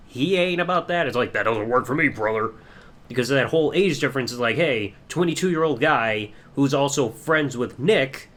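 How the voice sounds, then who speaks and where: A man's voice: a little high, a bit bright. A young man hosting a casual solo review podcast, rambling along and swearing casually. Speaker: podcast host.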